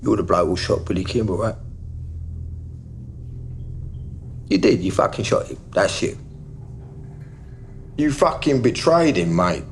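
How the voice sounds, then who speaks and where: An actor playing a volatile, menacing gangster baker in a crime drama, mocking one moment and threatening the next. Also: male voice, on the low side, normal speed, gravelly. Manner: mocking, swings between jovial and menacing. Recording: steady background noise.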